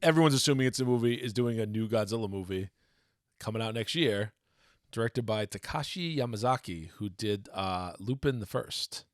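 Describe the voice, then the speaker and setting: A man's voice: on the low side, expressive, moderate pace, no echo, studio quality. A man co-hosting a casual podcast, rambling and correcting himself as he goes. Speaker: podcast co-host.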